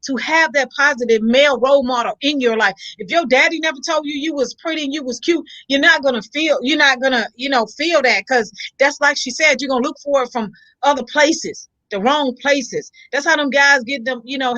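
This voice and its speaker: A woman's voice: high voice, fairly quick, few pauses, sharp tone, dry recording. A woman co-hosting a casual talk show, telling stories bluntly with plenty of swearing and reading out viewer comments. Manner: blunt, profane storytelling, reads viewer comments. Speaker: co-host. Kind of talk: casual chat. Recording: dry, dull lo-fi sound.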